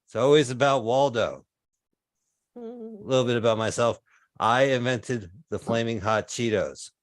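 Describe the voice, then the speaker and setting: Fifties male comic, mid-pitched, deadpan delivery of absurd jokes over a video call. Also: normal speed, no room sound, clean studio sound. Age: 50s. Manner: deadpan absurd one-liners. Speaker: stand-up comedian. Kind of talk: stand-up set.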